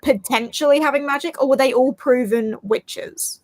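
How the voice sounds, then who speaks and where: A woman with a high voice joins a casual online book discussion, raising questions a little tentatively. Her sound is dry and close. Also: normal speed, no room sound. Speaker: book club co-host.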